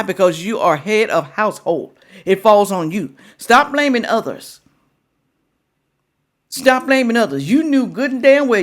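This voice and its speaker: A woman hosting a reaction video who lectures and scolds, repeating her points for emphasis. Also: medium pitch. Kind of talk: reaction commentary.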